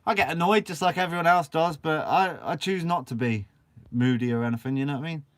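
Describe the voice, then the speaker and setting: Fishing-channel host, young man from Guernsey, bubbly live-chat banter, slightly high voice. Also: quick pace, a bit bright. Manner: chatty and upbeat, swears casually. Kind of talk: casual live-stream chat. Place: shed.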